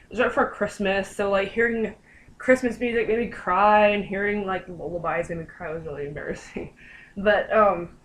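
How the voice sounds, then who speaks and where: Chatting at normal speed in a medium-pitched voice, a young woman vlogger recounts a personal story for her viewers, packing it with fillers and lively impressions of what others said. The recording quality is low.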